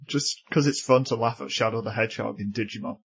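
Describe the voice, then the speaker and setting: A man co-hosting a podcast in casual chat, chatty and quick to laugh. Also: medium pitch, gravelly, breathy edge, muffled recording. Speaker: podcast co-host.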